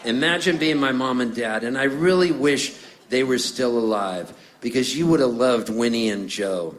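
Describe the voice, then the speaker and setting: This middle-aged man from Canada speaks at a medium pitch and a moderate pace. He's on stage between songs, spinning jokey stories with plenty of animation and doing different voices.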